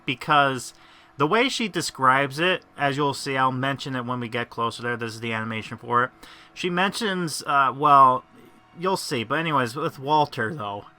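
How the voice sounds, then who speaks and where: A man's voice: mid-range voice, clean tone. Chatty gameplay commentator man. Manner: chatty, rambling, excitable. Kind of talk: casual let's-play commentary.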